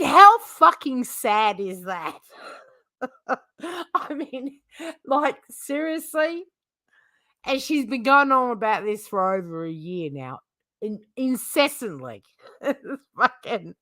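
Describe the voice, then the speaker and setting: A woman's voice: fairly high pitch, sharp tone, no echo, clean studio sound. A woman hosting a livestream who gossips casually, swears freely and laughs often. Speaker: livestream host.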